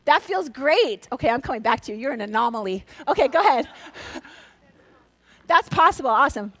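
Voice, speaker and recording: A woman from Minnesota giving a lively motivational talk, coaching her audience and calling out to them. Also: on the high side, a little fast, no echo. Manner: energetic, coaxing, leads the crowd in call-and-response; drops to a hushed, soft voice for a quiet exercise. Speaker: speaker.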